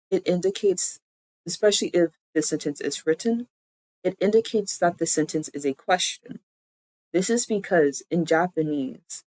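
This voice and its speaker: A streamer talks through a casual live-stream lesson, chatty and loose, often correcting themself mid-sentence. The voice sits at a middling pitch and sounds dry and close, with no room around it. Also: no echo, low-quality recording. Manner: chatty, loose explanations full of "like"; self-correcting, thinking aloud. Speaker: streamer teaching language.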